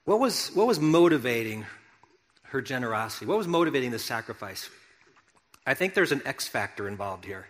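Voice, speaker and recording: A man preaching a sermon as pastor, talking conversationally to his congregation and now and then bursting out loudly. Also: mid-range voice, brisk. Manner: conversational, animated preaching with sudden loud outbursts. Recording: long hall reverb.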